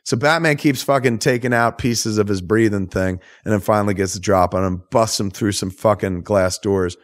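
A man hosting a podcast, recapping a film in a loose, profane, animated storytelling way. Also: on the low side, moderate pace. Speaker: podcast host. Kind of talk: casual movie recap chat.

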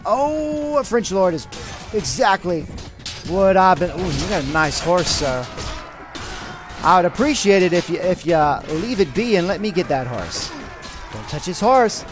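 Animated man narrating his gameplay. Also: sits high, moderate pace, music in the background. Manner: animated, excitable, gives orders to troops. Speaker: gaming channel host. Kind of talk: let's play commentary with light roleplay.

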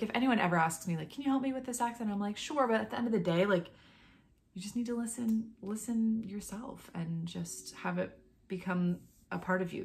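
Chatty woman vlogging, slightly low voice. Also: a little hiss or hum. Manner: chatty, lots of "like" and "um". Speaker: actor and accent mimic. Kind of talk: casual talk to camera.

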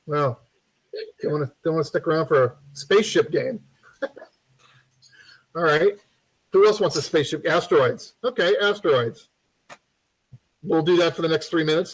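Guy doing a chill livestream coding lesson, kinda high voice, lots of ums and rambling, cracks jokes at chat. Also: rough recording. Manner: rambling and chatty, many fillers and restarts; joking asides to the viewers. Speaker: game development instructor. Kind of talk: casual live-streamed coding tutorial.

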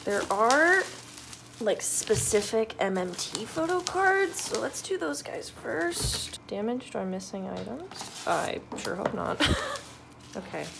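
A young woman chatting excitedly through an unboxing vlog at home, bubbly and quick to laugh. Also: on the high side, creaky, heavy background noise. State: out of breath. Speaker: vlogger. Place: apartment.

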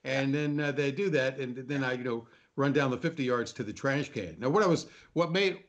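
An older man in casual chat, telling animated anecdotes and acting out the people in them. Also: medium pitch, a little fast, highs cut off. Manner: animated anecdote teller, acts out quoted voices. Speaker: panel guest.

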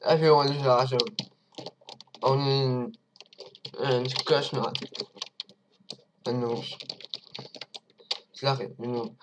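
Excitable young gamer, slow-spoken. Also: male voice, medium pitch, background noise. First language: Dutch. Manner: excitable, swings from shouts to mumbles. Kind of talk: let's play commentary.

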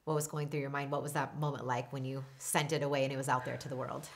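Low-voiced woman sports interviewer. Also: little pitch movement, fast.

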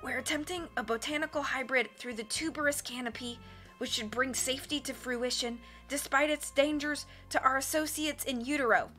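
A woman voicing a poisoned, bookish teenage boy whose voice comes out rough and wheezy. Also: high voice, moderate pace, bright, forceful tone, soft background music, voice pushed up. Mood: wheezy, strained.

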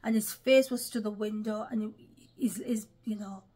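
A woman's voice: mid-range voice, steady tone, normal speed, dark tone. A woman giving religious commentary in an online vlog, speaking emphatically and often addressing her listeners as brothers and sisters. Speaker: online preacher.

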